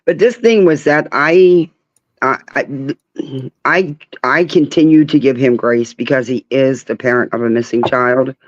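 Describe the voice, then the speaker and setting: Frank, chatty caller, mid-pitched, on a dull dry line. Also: fairly even intonation, a little slow, no room sound. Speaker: caller on a livestream. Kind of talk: casual call-in chat.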